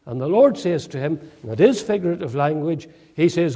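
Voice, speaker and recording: Husky-voiced man preaching an expository sermon. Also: a little high, sing-song, warm tone. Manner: measured, with dramatic quoted speech and frequent "uh" fillers. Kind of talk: sermon, expository Bible teaching.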